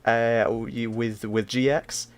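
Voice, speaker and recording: A man's voice: medium pitch, little pitch movement, slow. A man co-hosting a casual live stream, weary, with dry, self-mocking remarks. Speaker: co-host.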